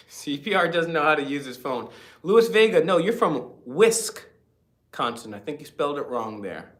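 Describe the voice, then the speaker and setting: A man's voice: on the high side, very animated, moderate pace, echoey room. A man hosting a casual livestream chat, rambling and reading viewer comments aloud. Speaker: livestream host.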